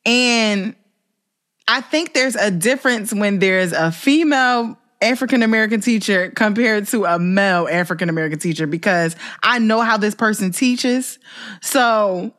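A young adult woman, a teacher, chatting casually and telling animated stories, acting out voices and laughing often. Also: moderate pace. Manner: animated storyteller, acts out voices with big pitch jumps; laughs often mid-story. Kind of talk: casual chat.

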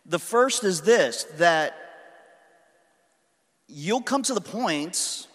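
A pastor in his thirties draws out his words in a high, animated, fairly bright voice while recounting a story about his daughters. The sermon feels earnest and conversational, recorded in a reverberant hall.

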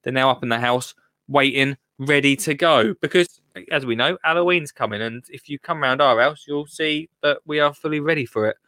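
A British man hosts a live gardening show from his home studio, chatting away in a medium-pitched, sharp voice at normal speed with no echo. He pokes fun at himself and keeps restarting his sentences in this casual live-stream chat.

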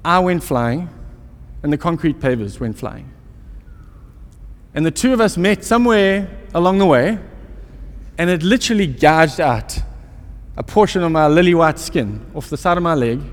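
A man preaching a sermon in a fairly high voice, mixing self-mocking stories with rhetorical questions. His words carry a long reverb, as if spoken in a large hall. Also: animated, moderate pace. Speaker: pastor.

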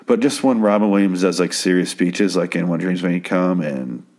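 Deep-voiced man recapping a show, loose and profane, does the characters' lines in passing. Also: normal speed, a little mellow, slight background noise. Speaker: TV episode recap host. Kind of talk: casual rambling recap.

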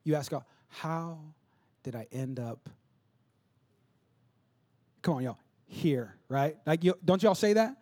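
A man preaching a sermon in a conversational, repetitive way that builds to shouting. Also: fairly high pitch, lively intonation, slow pace, long pauses.

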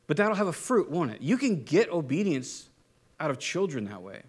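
A man preaching a sermon in a conversational way, asking his listeners rhetorical questions and swinging from animated to quiet and low. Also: moderate pace, slightly rough. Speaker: pastor.

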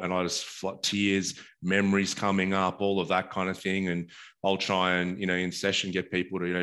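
Male therapist, very deep voice, calm explainer. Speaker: body therapist. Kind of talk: casual conversation.

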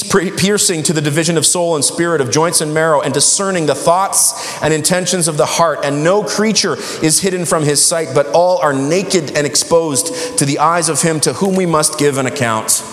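Man preaching in an echoey hall. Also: fairly high pitch. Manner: emphatic preaching, building to shouted exhortation. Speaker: pastor. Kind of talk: sermon.

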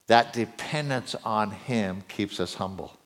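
A middle-aged male preacher giving a sermon, his voice climbing higher and louder as he gets excited. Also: measured pace. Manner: voice climbs high and loud when excited.

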